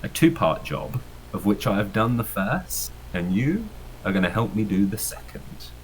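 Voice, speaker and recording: A man's voice: fairly low pitch, sing-song, moderate pace, slight background noise, poor audio. A man voicing a boastful, hospitable male fixer in a tabletop game, in a plain easygoing voice. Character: boastful laid-back male island fixer.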